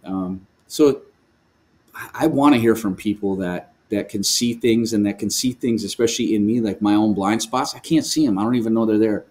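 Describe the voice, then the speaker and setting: A man's voice: lowish voice, moderate pace. Storytelling man on a video call. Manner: lively storytelling with frequent laughs and restarts. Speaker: guest, worship leader. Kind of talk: remote video call interview. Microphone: video call microphone.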